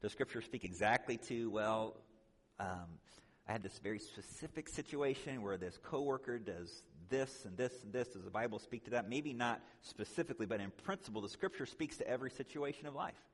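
A man's voice: medium pitch, expressive, fairly quick, breathy edge, big-room sound. A man speaking at a conference, teaching in a conversational way, often checking in with "right?" and adding joking asides. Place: conference hall.

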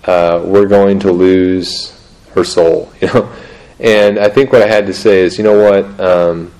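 Man, middle-aged, very low voice, halting, frequent restarts, self-deprecating laughs, casual teaching talk. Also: little pitch movement, a little mellow, poor audio.

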